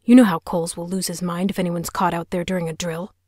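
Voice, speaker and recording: A woman's voice: fairly low pitch, level tone, fast, a little mellow, dry recording, studio quality, natural voice. Woman voicing a coaxing, charming teenage boy.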